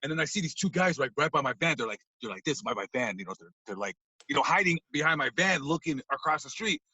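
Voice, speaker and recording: A man, a podcast guest, animatedly telling a story, acting out scenes and swinging from hushed to loud. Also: a little high, animated, fast, husky, dry recording, muffled recording.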